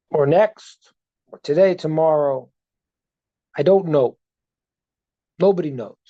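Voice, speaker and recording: A man's voice: high-pitched, mellow, no echo, highs cut off. A man teaching as a rabbi over a video call, earnest, repeating words as he builds a point and retelling stories with dialogue. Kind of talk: Zoom teaching talk.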